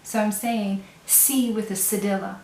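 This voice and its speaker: A woman's voice: medium pitch, fairly even intonation, a little slow, mellow, echoey room, slight background noise. A woman teaching a language lesson patiently, step by step, often checking in with the learner. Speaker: French teacher.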